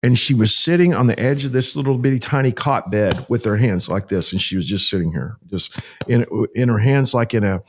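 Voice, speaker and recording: A middle-aged man recounting a story as a podcast guest, with a pitch that sits mid-range for a man. He tells it vividly and earnestly, acting out what each person said and repeating phrases for emphasis. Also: fairly quick, slight background noise. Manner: vivid, acts out dialogue, repeats himself. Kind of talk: emotional storytelling in conversation.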